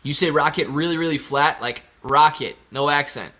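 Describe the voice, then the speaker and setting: Young male stream host, bright and slightly high, jokey chat reader. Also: fairly quick. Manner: joking, reads viewer chat aloud. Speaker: livestream host. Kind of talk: casual live stream chat.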